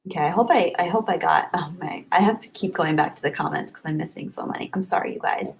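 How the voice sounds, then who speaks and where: A woman hosting a casual livestream, chatty and upbeat, thanking viewers by name and often trailing off softly. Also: fairly low pitch, fast talker, gravelly, a little hiss or hum, low-quality recording. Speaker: livestream host. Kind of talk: casual live chat reading comments.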